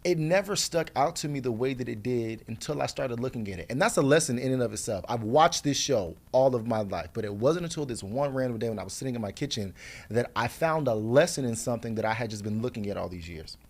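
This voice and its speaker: A man telling a story to the camera, casual and playful, with quick asides to the viewer. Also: mid-range voice, expressive. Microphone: camera mic.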